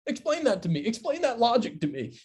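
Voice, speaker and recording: A young man co-hosting a sports podcast in casual chat, animated and incredulous, repeating himself and swearing freely. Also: extremely high pitch, fairly quick. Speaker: podcast co-host.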